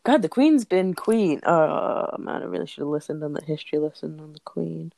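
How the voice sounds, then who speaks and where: A woman's voice: low-pitched, lively intonation, moderate pace, gravelly, dark tone, no echo. A British woman in casual chat, playful and sweary, telling stories and guessing answers with a giggle. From Britain. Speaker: podcast co-host.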